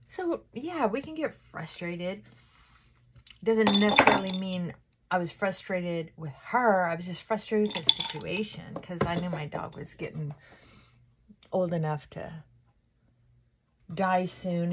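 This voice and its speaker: A woman's voice: on the low side, unhurried, pauses often, a bit bright, slight background noise. A woman vlogger in a casual get-ready-with-me chat at home, rambling and cutting herself off, with frequent laughs and sighs as she does her makeup. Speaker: lifestyle vlogger.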